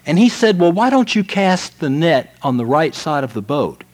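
A man preaching a sermon, telling a story dramatically and moving from loud lines to hushed ones. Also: fairly high pitch, sing-song, normal speed.

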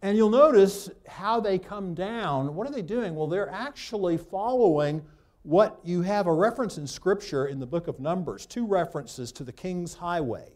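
A man's voice: high voice, lively intonation, moderate pace, a little mellow. A man teaching a Bible class, reading scripture aloud, then breaking off with loose asides as he points things out on a map. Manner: talks loosely, with restarts, while pointing at a map.

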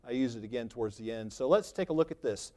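A man's voice: medium pitch, lively intonation, quick pace, a little mellow. A man preaching a sermon in a conversational, free-flowing way, lifting his voice for emphasis.

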